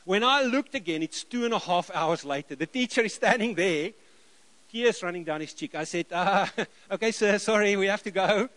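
A middle-aged South African man preaching, telling lively stories and acting out the dialogue. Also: sits high, moderate pace. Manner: lively anecdotal, acts out dialogue, chuckles. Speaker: missionary preacher. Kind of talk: sermon storytelling.

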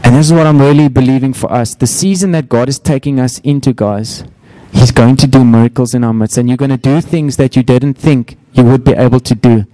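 A man's voice: steady tone, fairly quick, warm tone, dry recording, poor audio. A middle-aged man preaching a sermon, telling stories and acting out quotes in a raised voice. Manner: storytelling, acts out quotes with raised pitch. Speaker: pastor.

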